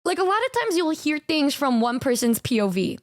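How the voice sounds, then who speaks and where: Animated high-voiced young woman streamer. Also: brisk. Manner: animated, swearing, quotes people in exaggerated voices. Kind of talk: casual stream reaction chat.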